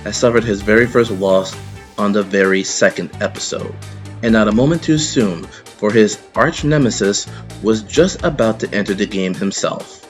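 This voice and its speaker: A man narrating a scripted commentary in an even, measured way. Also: fairly low pitch. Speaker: video narrator. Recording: music playing underneath.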